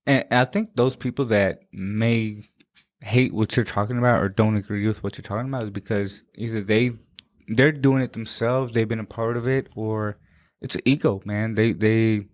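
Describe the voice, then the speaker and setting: A low-voiced man, once a police officer, speaks as a guest in a measured, reflective manner. His voice is dry and close-miked. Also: fairly even intonation, no room sound. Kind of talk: casual interview.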